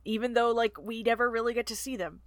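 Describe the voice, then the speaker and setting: A woman's voice: fairly high pitch, fast, no room sound. A woman co-hosting a casual book-club podcast, rambling and self-deprecating. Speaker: podcast co-host.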